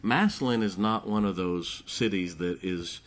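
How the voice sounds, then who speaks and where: A man's voice: deep voice, measured pace. Folksy preacher man from Ohio. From Canton, Ohio. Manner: swings from loud emphatic preaching to quiet chatty storytelling; folksy, frequent fillers and restarts, chuckles. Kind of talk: storytelling sermon.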